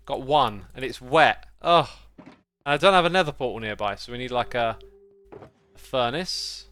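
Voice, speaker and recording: A man's voice: mid-range voice, lively intonation, moderate pace, a bit bright, no room sound, soft background music. A man streaming a game live, chatting and muttering to himself as he plays. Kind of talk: casual gaming livestream commentary.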